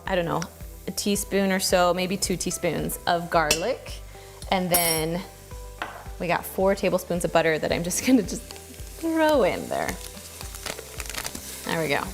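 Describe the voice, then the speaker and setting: A woman hosting a casual home cooking tutorial, chatty and relaxed, thinking aloud as she cooks in her kitchen. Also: lowish voice. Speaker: cooking channel host.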